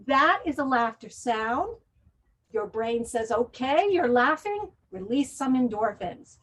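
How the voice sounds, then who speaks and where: A woman's voice: a little high, expressive, slow, fairly bright tone, poor audio. A woman presenting in a webinar, leading listeners through breathing and laughter exercises with an American accent. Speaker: wellness presenter.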